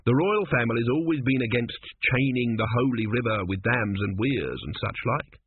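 A man's voice: medium pitch, lively intonation, normal speed, husky. A man voicing a worried older father, fretful and hesitant, in an audiobook reading. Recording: tinny phone-like band, dry.

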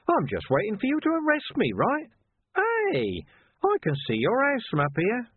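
A cheeky, menacing criminal taunts in a high, sneering voice, put on by a male narrator. The voice is husky and dry, with a tinny, narrow sound. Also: huge pitch swings, moderate pace, no echo, heavily acted. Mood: mocking. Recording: tinny lo-fi phone-band audio.

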